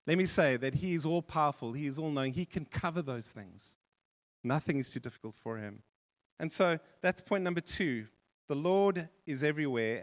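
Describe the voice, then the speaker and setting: A man with a fairly high voice preaches a sermon to his congregation. He talks in a loose, conversational way, often restarting and adding asides. His words ring out with a long reverb that fills the church hall. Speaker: pastor.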